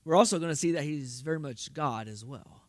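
A pastor with a notably high voice delivers a sermon at a fairly quick pace, working through rhetorical questions and breaking into emphatic bursts. The recording is dry, with almost no room sound.

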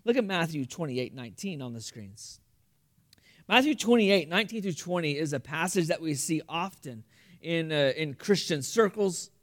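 Man, pastor, sermon, high voice, earnest, repeats words. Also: lively intonation, normal speed, fairly bright tone. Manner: earnest storytelling with frequent repetitions. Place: church room.

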